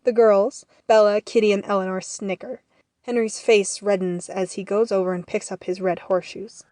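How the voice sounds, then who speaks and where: A woman reads the scene headings and actions of an audio drama in a measured, matter-of-fact voice. Her pitch is medium and the sound is dry and close. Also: fairly even intonation, dark tone, no room sound. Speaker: narrator.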